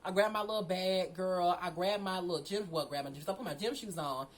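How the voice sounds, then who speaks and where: A young woman casually telling a story from her own life, animated, full of slang and swearing. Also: fairly low pitch, fairly quick, poor audio.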